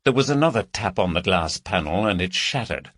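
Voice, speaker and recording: A man narrating a crime audiobook in a measured storytelling voice. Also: low voice, animated, fairly bright tone, no room sound, clean studio sound. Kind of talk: scripted narration.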